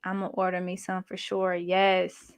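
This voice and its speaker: A woman's voice: fairly low pitch, monotone, measured pace, clean tone. A young adult woman hosting a casual livestream, reading chat comments in a chatty, sassy, slangy way. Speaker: channel host reading live chat.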